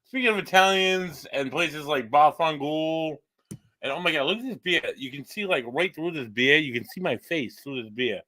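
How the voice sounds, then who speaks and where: Man, podcast co-host, joking and profane, bright forceful voice. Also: fairly high pitch, animated, normal speed, no room sound, poor audio. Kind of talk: casual banter on a live show.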